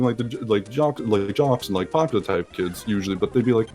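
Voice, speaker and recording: A man's voice: lowish voice, expressive, quick pace, hardly any pauses, warm tone. Young male host, casual rambly chat, lots of likes and acted-out quotes, faint music under it. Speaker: let's play host. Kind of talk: casual chat over a voice call.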